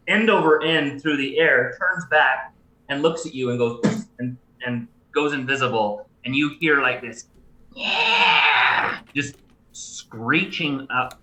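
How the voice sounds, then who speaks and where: A man running a tabletop game as dungeon master, narrating the scene haltingly with many restarts and ums. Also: on the high side, bright, forceful tone, echoey room, low-quality recording. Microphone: livestream mic.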